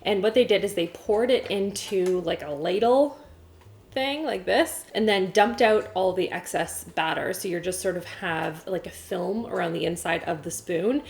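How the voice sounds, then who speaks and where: A woman's voice: fairly low pitch, normal speed, gravelly. A pregnant young woman in her kitchen, chatting to a camera on a stand as she cooks and mocking herself. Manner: chatty, self-mocking, talks to herself while cooking. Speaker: cooking vlogger. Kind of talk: casual chat to camera. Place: home kitchen.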